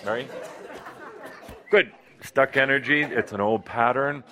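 A man's voice: medium pitch, unhurried, sharp tone, some chatter behind. A man leading a live workshop for an audience, speaking into a microphone in a playful, teasing, coaching way. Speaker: workshop leader. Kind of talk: live seminar talk to an audience. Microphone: handheld or clip-on microphone.

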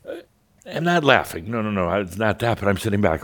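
A man delivers a channeled spiritual talk in the voice of a spirit teacher. His voice sits very low, and his delivery is wry and theatrical, full of playful asides. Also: big pitch swings, brisk, a bit bright. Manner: theatrical, wry, mimics callers, chuckles.

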